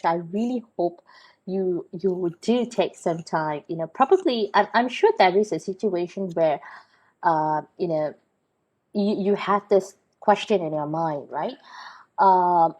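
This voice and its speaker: A woman with a slightly husky, breathy voice gives a recorded vocabulary lesson. She sits a little low in pitch, explains patiently, and keeps checking in with her listeners. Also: a little slow, darkish tone, low-quality recording. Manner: explains patiently with many fillers and checks like "okay?" and "right?". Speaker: English teacher.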